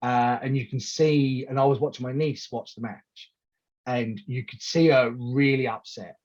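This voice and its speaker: A man in casual interview chat as a wrestling promoter, telling animated stories full of restarts and acted-out quotes. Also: mid-range voice, unhurried, highs cut off. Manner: animated storyteller who acts out quoted lines, with many restarts.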